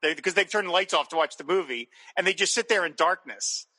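An enthusiastic man talks through a TV episode in loose, rambling podcast chat, circling back on his words. His voice is very bright and sharp, sitting a little high. The room around him rings with a long reverb. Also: animated, a little fast. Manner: enthusiastic, rambling with restarts, laughs often. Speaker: podcast co-host. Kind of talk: casual chat recapping a TV episode.

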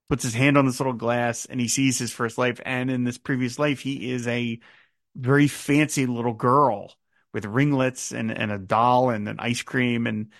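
Man, fifties, gravelly voice, podcast host, musing, lots of fillers and restarts, dry close sound. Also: medium pitch, dry recording. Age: 50s. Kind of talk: casual podcast talk about a song.

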